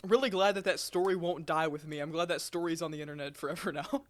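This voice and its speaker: A young man telling a work story on a casual podcast, animated and laughing often as he acts out the people in it. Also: fairly high pitch, quick pace. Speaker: podcast co-host.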